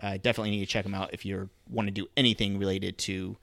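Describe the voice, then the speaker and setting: A man's voice: low voice, racing, creaky, no echo. A man co-hosting a fantasy football podcast, chatting casually and reading an ad with lots of fillers. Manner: relaxed, filler-heavy, conversational. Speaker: podcast co-host. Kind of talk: casual podcast chat with ad read.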